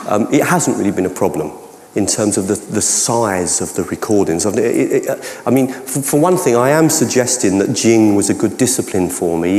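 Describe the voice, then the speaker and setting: A man's voice: fairly low pitch, darkish tone. Cockney-accented man answering in an echoey hall. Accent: London Cockney. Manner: rambling, frequent restarts and hedges. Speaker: keynote speaker. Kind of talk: conference Q&A answer. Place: large conference hall. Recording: echoey hall, long reverb.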